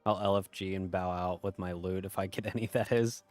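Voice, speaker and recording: A man's voice: sits low, fairly even intonation, brisk, no room sound, faint music behind. A man streaming a game, chatting casually and reading chat aloud in a laid-back, profane way.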